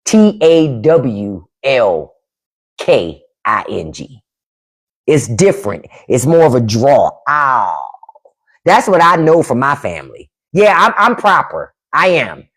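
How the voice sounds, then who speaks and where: Lively-voiced woman livestream host. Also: extremely low pitch, takes it slowly, husky. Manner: animated, laughs often, mimics family accents. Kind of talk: casual chat with viewers.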